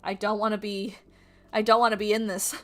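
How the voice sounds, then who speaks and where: Bright-voiced woman streamer, chatty and animated. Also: medium pitch, a little fast. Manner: animated, swearing, laughing, quoting people in mock voices. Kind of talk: casual chat while drawing on stream.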